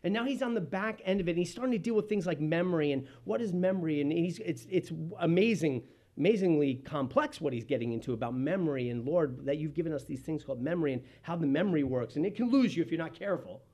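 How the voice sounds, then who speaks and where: A man delivering a sermon, moving between quick asides and slow, loud, emphatic lines. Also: on the high side, animated. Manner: impassioned preaching with sudden loud and slow emphatic phrases. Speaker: pastor.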